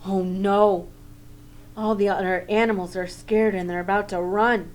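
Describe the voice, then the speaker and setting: A woman teacher reading a picture book aloud to children in a gentle way, pausing to comment and ask questions. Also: mid-range voice, flat delivery.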